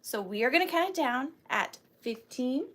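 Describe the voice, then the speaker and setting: A middle-aged woman who talks fast and gushes as she hosts a live antique-selling vlog. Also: high voice, animated, a bit bright. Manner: chatty and gushing, talks fast. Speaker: online antique seller.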